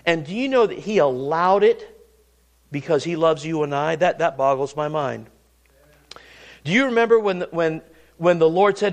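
A man's voice: expressive, normal speed, pauses often. A man preaching a sermon in an earnest way, often repeating and restarting his words. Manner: earnest, repeats and restarts words, rises and drops pitch for emphasis.

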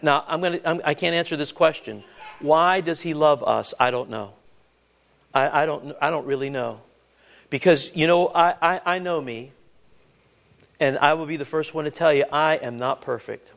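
A man's voice: on the high side, moderate pace, vocal fry, a bit bright. A man preaching a sermon, earnest and conversational, often restarting his words and asking the congregation questions.

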